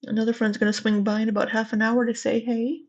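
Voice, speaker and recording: A woman's voice: fairly high pitch, flat delivery, fast talker, a little mellow, lo-fi sound. A woman with a Southwest Missouri accent, hosting a casual livestream and greeting chat viewers by name in a chatty, candid way. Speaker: livestream host.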